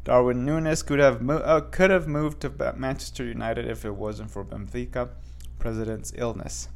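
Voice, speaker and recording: A man's voice: mid-range voice, fairly even intonation, moderate pace, gravelly. A man chatting casually to his viewers and reading news headlines aloud, rambling with many restarts, fillers and asides. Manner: talks straight to viewers. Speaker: vlogger.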